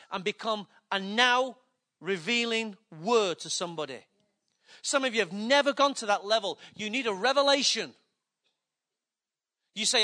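Older man, preacher, high bright voice, emphatic sermon, loud then hushed. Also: lively intonation, unhurried.

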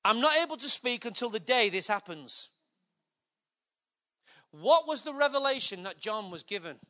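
An older man preaches a sermon with great emphasis, swinging between loud declarations and hushed, low passages.

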